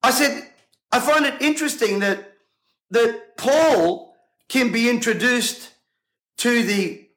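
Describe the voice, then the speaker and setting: An indignant male preacher with a strikingly high voice. He speaks to camera in a bright, forceful tone and keeps firing off rhetorical questions. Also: takes it slowly, long pauses, poor audio. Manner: emphatic, combative, rhetorical questions.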